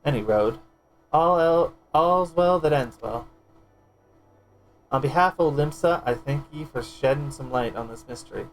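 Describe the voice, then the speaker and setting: Guy putting on a gruff old-timey guildmaster, says ye and lass, halting read, quiet music behind. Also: fairly high pitch, rough recording. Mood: hearty. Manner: reading quest text aloud, a bit halting.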